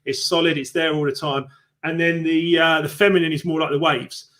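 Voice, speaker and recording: A man hosting a live book discussion, his voice sitting a little high for a man. He talks casually and with energy, building his points through images and analogies. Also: a little fast. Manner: animated storyteller, explains with analogies. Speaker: host of a live book club show. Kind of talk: casual live-stream chat.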